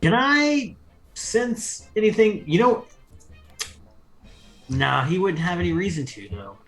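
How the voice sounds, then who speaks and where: A man with a fairly high voice plays in a tabletop game, thinking aloud at an unhurried, slow pace. Faint music sits in the background. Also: very animated, a bit bright, rough recording. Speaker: player. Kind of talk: casual game chat.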